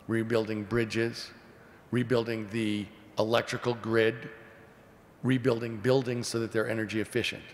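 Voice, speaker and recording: Man in his 60s, low gravelly voice, earnest answers at a forum, echoey hall. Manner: earnest, measured, repeats key phrases. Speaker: presidential candidate. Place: large hall at a public forum. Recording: echoey hall, faint rumble.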